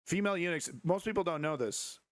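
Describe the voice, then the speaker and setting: A man hosting a live stream, reacting to clips with sarcastic, profane commentary and now and then breaking into shrill mocking voices. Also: quick pace, slight background noise. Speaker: livestream host.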